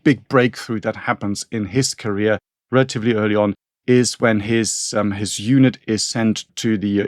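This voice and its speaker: A man's voice: mid-range voice, no room sound, studio quality. A man, a podcast co-host chatting casually about history in a rambling way with frequent restarts. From northern Germany. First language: German. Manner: rambling, many restarts and asides.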